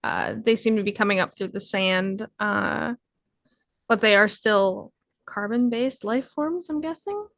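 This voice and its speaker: A woman's voice: mid-range voice, a little slow, vocal fry, a bit bright, no echo, clean studio sound. A woman playing a tabletop game, thinking aloud tentatively with many fillers. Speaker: player.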